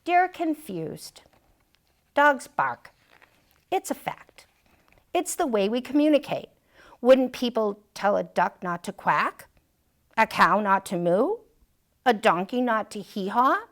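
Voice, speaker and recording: A woman's voice: a little high, sing-song, slow pace, pauses often, heavily acted. A woman reading a picture book aloud, voicing a wise, self-assured male dog who writes an advice column, confident and wry. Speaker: storytime reader.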